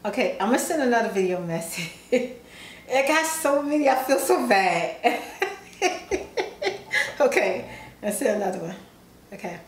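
A woman's voice: medium pitch, expressive, a little slow, pauses often, reverberant, poor audio. A woman vlogger who chats casually and giggles often while reading fan messages aloud, sounding sleepy. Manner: chatty, giggly, self-teasing. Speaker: ASMR vlogger.

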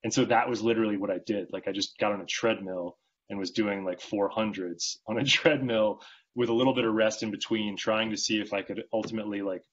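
A male magazine writer talking as a podcast guest in casual interview chat, telling rambling, animated stories with many restarts. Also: fairly low pitch, brisk, highs cut off.

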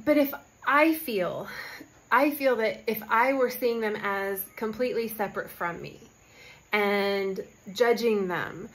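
A woman's voice: mid-range voice, slow, a bit bright, poor audio. A young adult woman spiritual guide telling a story in casual talk, with fillers and quoted lines.

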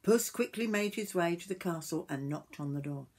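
An older woman reading a picture book aloud to children, gentle and stopping to point at the pictures. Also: lowish voice, expressive, moderate pace, slightly rough. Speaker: storyteller grandmother.

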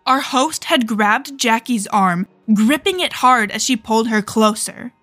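A woman's voice: on the high side, lively intonation, a little slow, a bit bright, no room sound, faint music behind. A woman with a Southern US accent narrating a first-person horror story in a tense, dramatic way.

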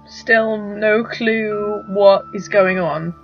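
A woman's voice: medium pitch, fairly even intonation, extremely slow. A young woman reacting to a video, incredulous and exclaiming, often stammering and restarting her sentences. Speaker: reaction vlogger. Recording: dull lo-fi sound with faint music.

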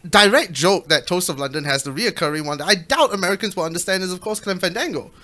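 A podcast co-host in casual chat, telling stories in an animated, excitable way. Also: medium pitch, fast.

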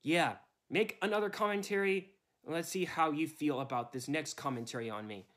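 A man's voice: on the high side, moderate pace, fairly bright tone. A man ranting in his own videos, whiny, aggrieved and repetitive. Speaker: YouTuber being reviewed.

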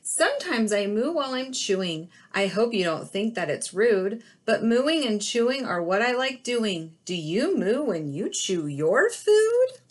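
A gentle picture-book cow chats slowly in a singsong voice, as a woman reads her part. The voice rises and falls a lot, unhurried. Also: a little high, very animated, pitched above the performer's own voice. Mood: cheerful. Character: gentle cow, slow and chatty.

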